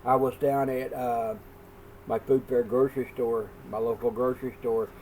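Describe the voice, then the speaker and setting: A man chatting casually on his vlog about stocking his home food shelf, talking in a rambling, folksy way with lots of pauses. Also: mid-range voice, fairly even intonation, darkish tone, a little hiss or hum. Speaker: vlogger, home food prepper. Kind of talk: casual chat.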